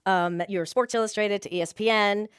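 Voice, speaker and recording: Woman interviewer, smooth and clear, friendly probing questions. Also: medium pitch, steady tone, a little fast, no room sound, clean studio sound.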